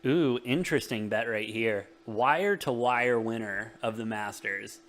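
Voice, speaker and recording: A man hosting a casual sports betting chat, talking quickly and jokily and laughing often. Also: medium pitch, fairly bright tone. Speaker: podcast host.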